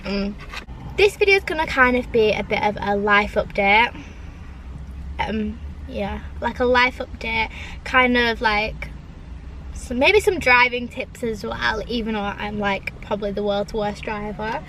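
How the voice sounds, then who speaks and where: A woman's voice: on the high side, a little slow, sharp tone, a little hiss or hum, poor audio. A young woman chatting casually in her parked car, rambling with lots of "like"s. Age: young adult. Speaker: vlogger. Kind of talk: casual chat.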